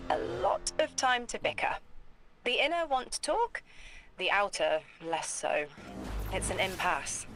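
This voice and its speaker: An actress playing a grave, visionary seer who speaks in measured riddles, as video game dialogue. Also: female voice, lowish voice. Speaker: mystic guide character. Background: game music.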